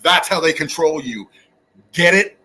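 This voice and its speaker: A man's voice: on the high side, expressive, measured pace, sharp tone. A man hosting his own channel, delivering an angry, profane, preachy rant straight at his viewers. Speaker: channel host. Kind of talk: angry ranting monologue.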